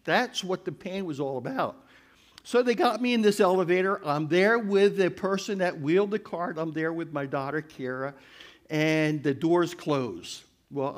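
An older man with a high voice tells a testimony to a church congregation. He's animated, crying out as he relives the events he describes.

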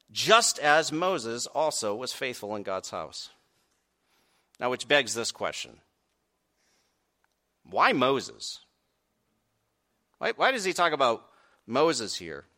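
A man preaching a sermon, asking the congregation direct questions and swinging from quiet earnest stretches to loud raised peaks. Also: mid-range voice. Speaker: pastor.

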